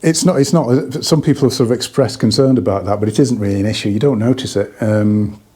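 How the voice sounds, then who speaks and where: Mellow, husky man, a bit breathless. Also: on the low side, fast. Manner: rambling, chatty, many restarts. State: slightly out of breath. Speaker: hi-fi dealer reviewing products. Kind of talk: casual product review.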